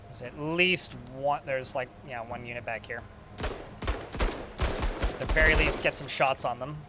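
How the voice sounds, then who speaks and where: A man's voice: medium pitch, unhurried, noisy background. A man casually commentating a strategy game while streaming, chatty and swearing now and then. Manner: chatty, swearing, talks to chat.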